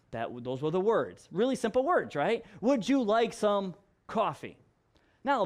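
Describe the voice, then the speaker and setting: A male pastor giving a casual Bible teaching, conversational and animated, often restarting and repeating words for emphasis. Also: high-pitched. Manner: animated and conversational, acts out examples; frequent restarts and emphatic repetition.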